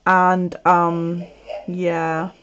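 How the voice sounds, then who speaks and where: A woman's voice: fairly low pitch, completely flat delivery, extremely slow, fairly bright tone, clear, resonant tone. A woman from the UK, chatting casually to her viewers at home, swearing freely and laughing often. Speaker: video creator. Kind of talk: casual live chat to viewers. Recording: dull lo-fi sound.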